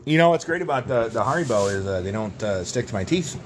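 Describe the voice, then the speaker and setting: A young man co-hosting a podcast, telling absurd tall tales in a deadpan, rambling way. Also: medium pitch, fast, a little hiss or hum. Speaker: podcast co-host. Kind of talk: absurd comedic banter.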